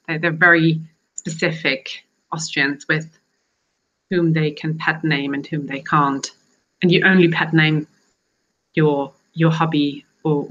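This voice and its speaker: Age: young adult. Chatty woman vlogger with a lower voice. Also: fairly bright tone, poor audio. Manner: chatty and rambling, with many restarts. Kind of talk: casual chat to camera.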